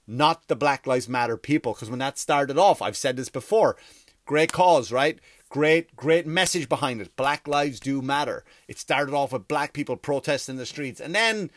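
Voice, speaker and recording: A man's voice: mid-range voice, fairly bright tone, dry recording, clean studio sound. A man doing a rambling, sarcastic comedy rant, full of swearing.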